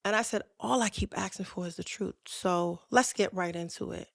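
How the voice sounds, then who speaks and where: A woman's voice: medium pitch, normal speed, creaky, no echo, clean studio sound. A woman, hosting a podcast and telling a personal story in a candid, conversational way, acting out both sides of past conversations. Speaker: podcast host.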